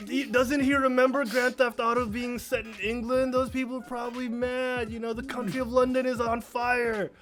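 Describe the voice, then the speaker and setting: A man's voice: extremely high pitch, little pitch movement, normal speed, hardly any pauses, fairly bright tone, faint music behind. A man co-hosting a casual gaming podcast, answering a quiz in a playful, mock-serious way. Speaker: podcast co-host, quiz contestant.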